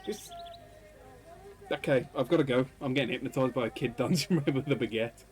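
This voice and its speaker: A man's voice: mid-range voice, fairly quick. A man streaming a game, joking and laughing often as he comments. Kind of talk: casual let's-play commentary.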